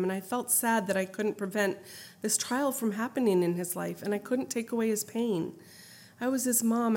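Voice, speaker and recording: Woman, middle-aged, earnest memoir reading, heartfelt, steady delivery, mid-range voice. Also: mid-range voice. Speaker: memoir narrator. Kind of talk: reading a personal memoir aloud.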